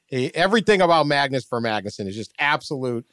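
A man co-hosting a casual talk show, telling a long anecdote with growing excitement. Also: fast talker, no echo, clean studio sound. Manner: animated storyteller, gets louder and higher when excited. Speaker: podcast co-host. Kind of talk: casual chat.

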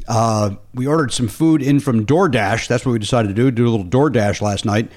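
A man hosting a comedy podcast, telling a story in a casual, animated way and acting out both sides of a phone argument. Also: medium pitch, fairly quick. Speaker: podcast host.

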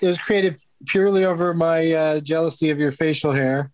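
A man hosts a podcast in easy, casual chat. He rambles and hesitates, leaning on fillers as he thinks aloud. His voice sits a little high for a man, and the recording is close and dry with no room sound. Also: brisk, a little mellow, no room sound. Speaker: podcast host.

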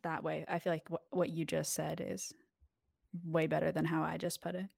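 A woman's voice: deep voice, level tone, moderate pace, gravelly, a little mellow, breathy edge, no room sound, studio quality. A young woman who is a podcast guest, chatting casually with lots of "like" and "um". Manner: chatty, filler-heavy, with laughing asides. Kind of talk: casual chat.

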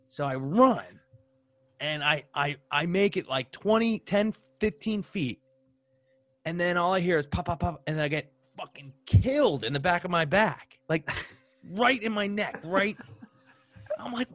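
A young man co-hosting a podcast, telling a lively story in casual chat and swearing casually. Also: fairly high pitch, normal speed, no echo. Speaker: podcast co-host.

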